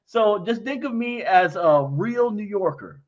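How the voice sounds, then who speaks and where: A man's voice: high-pitched, lively intonation, unhurried, muffled recording. A man answering investor questions in a casual livestream, talking bluntly and frankly, often acting out both sides of conversations. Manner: blunt and frank, acts out quoted exchanges.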